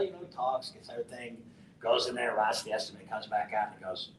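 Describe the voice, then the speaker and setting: A middle-aged man from West Texas, telling a profane, animated story to a conference audience and acting out the dialogue. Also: fairly quick. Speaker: conference speaker. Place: conference hall. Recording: roomy, distant mic with faint rumble.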